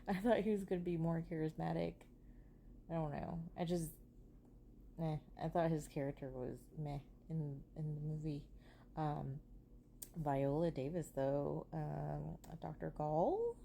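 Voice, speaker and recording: A woman's voice: low voice, vocal fry, warm tone, slight background noise. A woman giving a casual, rambling movie review, full of ums, restarts and self-corrections.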